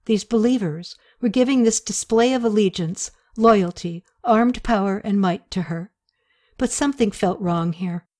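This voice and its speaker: Woman, audiobook narrator, steady, expressive, medium pitch.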